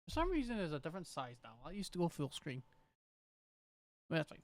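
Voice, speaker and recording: A man's voice: fairly high pitch, huge pitch swings, a little fast, dry recording. A man with a Scottish accent streaming a game, rambling and thinking aloud as he troubleshoots his setup. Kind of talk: casual gameplay commentary.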